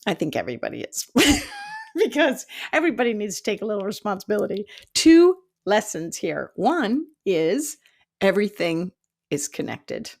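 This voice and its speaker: A woman in her fifties, a psychic development teacher, telling a story in an animated, self-mocking way and laughing often. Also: mid-range voice, normal speed, creaky. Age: 50s. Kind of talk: storytelling monologue.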